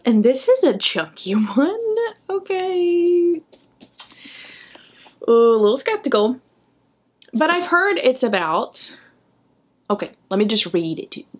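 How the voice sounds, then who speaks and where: Chatty enthusiastic young woman vlogger. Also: mid-range voice. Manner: chatty, enthusiastic, tags remarks with "okay?". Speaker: book vlogger. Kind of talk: casual chat.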